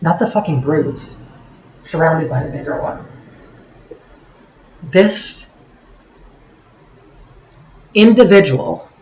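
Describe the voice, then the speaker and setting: A man with a fairly high voice, ranting in a casual vlog monologue. He is sarcastic and curses often. He rambles along with lots of ums and trailing asides. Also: lively intonation, slow pace, pauses often, a little mellow, low-quality recording. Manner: sarcastic, swearing freely; rambling with many fillers. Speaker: vlogger.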